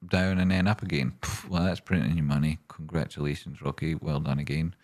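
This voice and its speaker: A man's voice: extremely low pitch, fairly even intonation, brisk, a little mellow. A man hosting a stock livestream, swearing and ranting, then rambling casually through charts and viewer questions.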